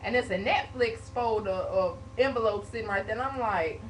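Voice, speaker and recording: A young woman vlogger telling a story to a webcam at home in a lively, casual way, with sound effects like "boom" and "bam". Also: normal speed. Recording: distant webcam mic, faint hiss.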